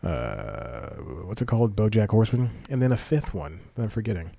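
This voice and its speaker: A man's voice: on the low side, quick pace, dark tone, no echo. A young man hosting his own podcast, rambling loosely and restarting his sentences with self-mocking asides. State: slightly out of breath. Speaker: podcast host. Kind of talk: rambling solo podcast talk.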